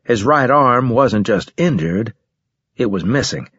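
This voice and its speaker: Husky man narrating a story. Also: mid-range voice, expressive, unhurried, fairly bright tone, no room sound, muffled recording. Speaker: audiobook narrator. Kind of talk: first-person scripted narration.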